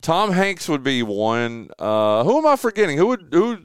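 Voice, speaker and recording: A man's voice: on the high side, sing-song, moderate pace, clear, resonant tone, dry recording, clean studio sound. A man hosting a morning radio show in loose, friendly chat. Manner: loose, friendly, calls people dude.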